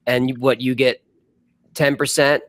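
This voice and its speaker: A man's voice: mid-range voice, flat delivery, measured pace, dry recording. A man co-hosting a livestream who teases the storyteller with playful jokes. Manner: teasing, playful. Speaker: co-host. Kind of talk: joking banter.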